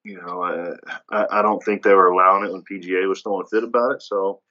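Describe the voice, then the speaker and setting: A man's voice: low voice, fairly even intonation, fast, sharp tone. A man co-hosting a podcast, chiming in agreeably with short remarks on sports. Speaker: podcast co-host. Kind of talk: casual sports chat. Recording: slightly dull, muffled sound.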